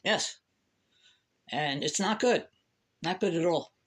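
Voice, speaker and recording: A woman vlogging a rambling, profane monologue to camera, emphatic and animated. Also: lowish voice, takes it slowly.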